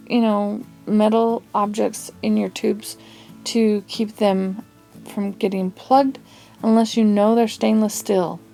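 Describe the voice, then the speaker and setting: A woman's voice: mid-range voice, vocal fry, warm tone. A woman hosting a casual craft tutorial, chatty and rambling, with asides and little laughs as she works.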